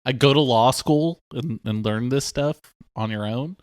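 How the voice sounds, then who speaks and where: A man's voice: medium pitch, unhurried, darkish tone, dry recording, clean studio sound. A man co-hosting a comedy podcast, playfully egging on the bit with mock questions. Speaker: podcast co-host. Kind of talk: improvised comedy chat.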